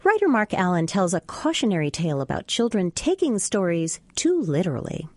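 A woman's voice: lowish voice, wildly swooping pitch, a little fast, no echo. A woman hosting a radio arts program, reading scripted introductions. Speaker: radio arts show host.

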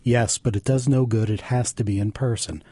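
A man's voice: medium pitch, fairly even intonation, moderate pace, mellow, husky, dry recording, close to an everyday voice. Man reading as an offhand distracted dad. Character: busy distracted dad fibbing to son.

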